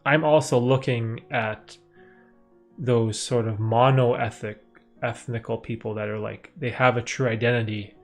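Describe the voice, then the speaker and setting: A young man from Canada hosting a casual live stream, answering viewer questions in a rambling way with many fillers and restarts. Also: medium pitch.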